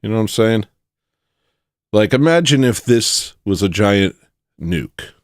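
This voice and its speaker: A man hosting satirical commentary, rambling and joking with loud sudden bursts. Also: fairly low pitch, animated, unhurried, no room sound, clean studio sound. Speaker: commentary host.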